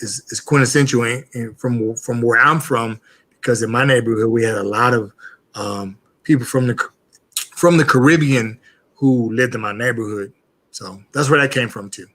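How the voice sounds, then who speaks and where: A man's voice: mid-range voice, a bit bright. A man talking casually as a guest on a live barbecue stream, rambling with many restarts.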